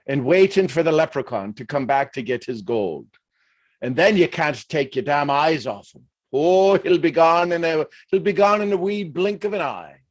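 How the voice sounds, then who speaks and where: Man doing a cheeky Irishman with a thick brogue, teasing and folksy, voice sitting a bit high, close and dry. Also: no echo. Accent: Irish, put on. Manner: folksy, teasing, full of colloquialisms. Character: cheeky adult Irishman spinning folksy motivational yarns. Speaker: host.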